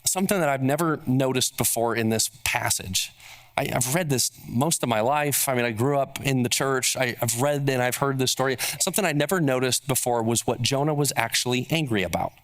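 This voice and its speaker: A man's voice: mid-range voice, a little fast, fairly bright tone. A man preaching a sermon as pastor, emphatic and building on repeated rhetorical questions.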